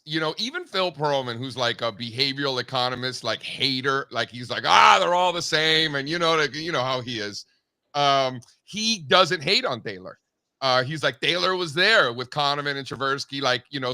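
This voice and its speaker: A man's voice: medium pitch, expressive, sharp tone. A man hosting a casual market show, joking with his co-hosts and then reading off futures prices at speed. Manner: fast, joking banter with market quotes. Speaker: show host.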